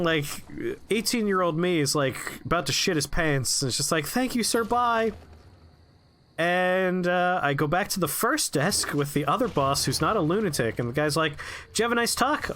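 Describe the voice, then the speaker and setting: A male streamer chatting through a game session, telling a story with plenty of swearing. His voice is bright and on the higher side, swinging lively up and down. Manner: animated, profane, chatty.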